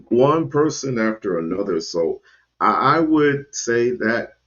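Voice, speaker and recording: A man hosting his own channel, giving rambling casual commentary with sudden jumps in pitch. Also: sing-song, slow, a bit bright, muffled recording. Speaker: channel host.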